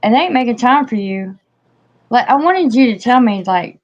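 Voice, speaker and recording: A woman's voice: fairly high pitch, lively intonation, moderate pace. A woman in casual chat, talking freely with many fillers, acted-out quotes and frequent laughs. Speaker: co-host. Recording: dull lo-fi audio.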